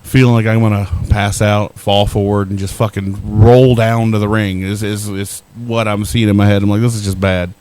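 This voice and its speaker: A man's voice: lowish voice, flat delivery, moderate pace, few pauses, a little mellow, smooth. A middle-aged man co-hosting a podcast, telling a rambling, profane, self-deprecating story in casual chat. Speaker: podcast co-host.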